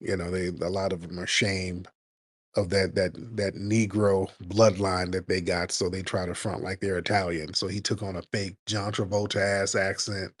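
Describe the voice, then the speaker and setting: A man hosting a live call-in comedy talk show, brash and mocking, roasting his callers with loud animated energy. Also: sits low, moderate pace, no echo, clean studio sound. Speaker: radio show host.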